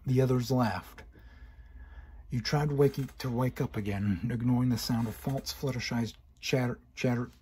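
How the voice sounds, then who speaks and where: A man's voice: medium pitch, normal speed, darkish tone, slightly rough. A man reading a horror fan-fiction story in second person, with stumbles and restarts. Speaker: narrator.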